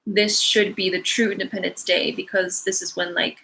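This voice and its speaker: Bright-voiced young woman rambling on a stream. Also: on the low side, level tone, moderate pace, vocal fry, poor audio. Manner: rambling, many fillers, apologetic asides. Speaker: angel card reader hosting a live Q&A. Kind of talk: casual livestream chat. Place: her home, animals around.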